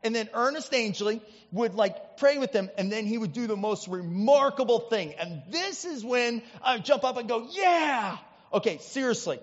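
Male pastor, storytelling sermon, chatty, high voice, muffled sound. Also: normal speed, few pauses, in a large hall. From Indiana, US Midwest. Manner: chatty, animated storytelling with many asides.

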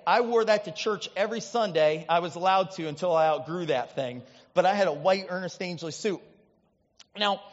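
A male pastor from the US Midwest preaches in a chatty, animated storytelling style full of asides. His voice is high. It echoes with a long church-hall reverb, and the recording is dull. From Indiana, US Midwest. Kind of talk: storytelling sermon.

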